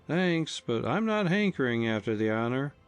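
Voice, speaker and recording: A man puts on a cool, wry young fellow with a raised, animated voice. The reading sounds close and dry. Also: medium pitch, moderate pace, smooth, dry recording, dull audio, soft background music, pitched above the performer's own voice, natural voice. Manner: cool, mocking.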